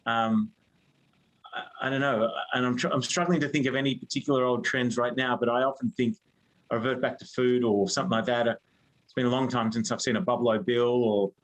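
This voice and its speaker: A man's voice: mid-range voice, fairly even intonation, fairly quick, low-quality recording. Australian man talking over restarts. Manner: many restarts and fillers, thinking aloud. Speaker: HR firm director, guest. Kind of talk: casual interview chat.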